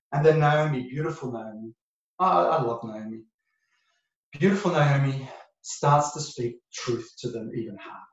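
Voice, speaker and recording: A man's voice: fairly high pitch, heavy reverb, far from the mic, muffled recording. A man preaching a sermon as pastor, emphatic and repeating his key phrases for weight.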